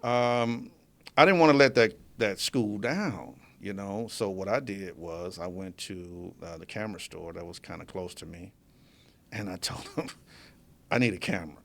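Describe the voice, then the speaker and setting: A man's voice: sits low, normal speed, vocal fry, fairly bright tone. A man being interviewed as a guest in a studio, telling his story casually and with animation, often laughing as he talks. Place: media studio.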